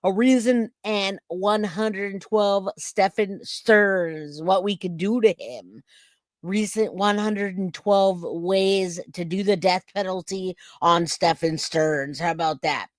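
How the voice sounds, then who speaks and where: A woman's voice: mid-range voice, slow pace, no room sound, clean studio sound. A woman in her forties hosting a live reaction stream, chatting and joking with her viewers. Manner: chatty, jokey, reads out chat comments. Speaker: livestream reaction host. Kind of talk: casual live-stream chat.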